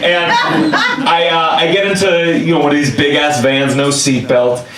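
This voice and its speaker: A male comedian telling a story on stage, animated and exaggerated, sometimes shouting. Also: a little high, measured pace. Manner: animated, exaggerated quoted voices, bursts of shouting. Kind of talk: stand-up storytelling. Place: club stage with a laughing audience. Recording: echoey room, mic from a distance, crowd laughter.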